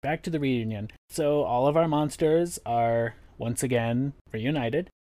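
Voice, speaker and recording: A man's voice: mid-range voice, dark tone, dry recording. Male podcast host, casual, profane, chatty, dry close recording. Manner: chatty, profane, acts out quick impressions.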